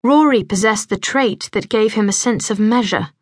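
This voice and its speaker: Gentle woman audiobook narrator. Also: medium pitch, dry recording, clean studio sound. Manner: measured, gentle storytelling. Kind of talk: scripted narration.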